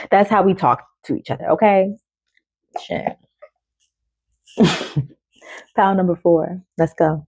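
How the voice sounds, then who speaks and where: A woman talks through an oracle card reading in a relaxed, chatty way, with casual swearing and frequent laughter. Her voice is mellow and warm. The sound is dry and close to the mic. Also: on the low side, very slow, gravelly, pauses often, slightly rough, no room sound.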